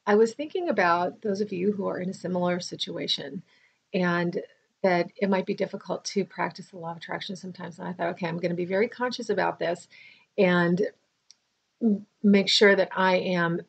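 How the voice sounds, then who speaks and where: Tired middle-aged lady rambling thru a story, gravelly voice, kinda muffled lo-fi sound. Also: on the low side, moderate pace. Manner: chatty, rambling, with restarts and asides. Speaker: vlogger. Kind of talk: casual personal storytelling to camera.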